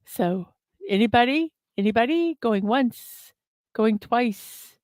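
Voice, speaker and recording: An expressive woman of medium pitch talks slowly while playing a word puzzle on her daily morning livestream, thinking aloud with lots of ums and uhs. She reads viewer comments out loud, and her desk microphone gives a dry, clean studio sound.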